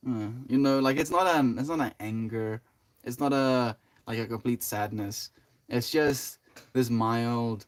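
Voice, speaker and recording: A man's voice: medium pitch, measured pace. A young man chatting casually on a livestream, greeting chat by name and rambling loosely with many fillers and "dude" and "bro". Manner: rambling, laid-back, full of "like", "you know" and "dude".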